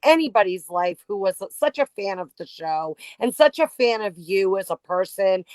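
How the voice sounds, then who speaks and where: A woman's voice: mid-range voice, animated, moderate pace, darkish tone, dry recording. A woman hosting a podcast over a call, talking with many restarts and fillers in an emotional, casual way. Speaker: podcast host. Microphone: remote call.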